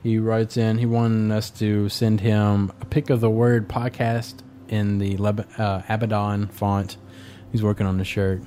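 A man's voice: fairly low pitch, level tone, a little slow, mellow, a little hiss or hum. A man hosting a casual gaming podcast, reading listener emails aloud in a laid-back way, with hesitant fillers and blunt swearing.

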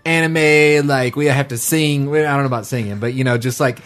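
A man hosting a casual gaming podcast, riffing on ideas with bursts of excitement and swearing. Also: medium pitch, a little fast.

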